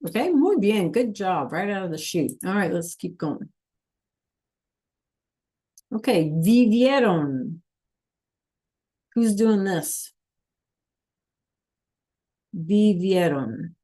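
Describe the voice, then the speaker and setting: Slow, patient woman teaching online. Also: mid-range voice, animated, mellow. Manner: checks in often with "right?" and "okay?". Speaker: Spanish teacher. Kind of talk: online class lesson.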